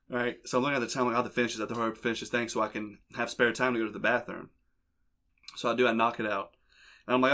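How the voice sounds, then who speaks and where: A man's voice: mid-range voice, steady tone, quick pace, sharp tone. A young man hosting a podcast, telling a crude, rambling story in casual chat. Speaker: podcast host. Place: basement.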